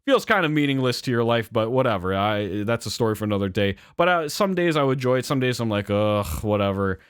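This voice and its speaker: A young man telling a story in a casual rant, rambling and animated, with swearing and frequent fillers and self-corrections. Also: medium pitch, fast talker, clear, resonant tone, no echo, studio quality. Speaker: channel host.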